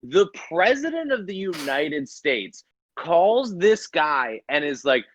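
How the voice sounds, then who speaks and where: A man's voice: on the high side, big pitch swings, slow pace, a bit bright, no room sound, lo-fi sound. A man co-hosting a podcast, chatting casually, indignant and swearing. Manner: profane, indignant. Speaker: podcast co-host. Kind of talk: casual chat.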